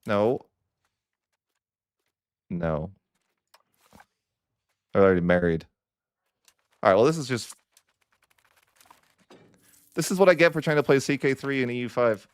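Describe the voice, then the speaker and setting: A man's voice: mid-range voice, expressive, measured pace, pauses often, no echo. A young man commentating his own strategy game session, exasperated and whiny with a sarcastic streak. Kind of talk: frustrated gameplay commentary.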